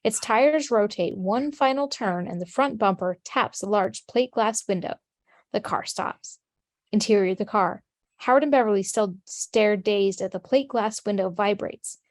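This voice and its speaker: A woman's voice: medium pitch, moderate pace, dry recording. Woman narrator, plain mid voice, reads directions evenly, dry close sound. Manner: steady, matter-of-fact reading. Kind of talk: reading stage directions.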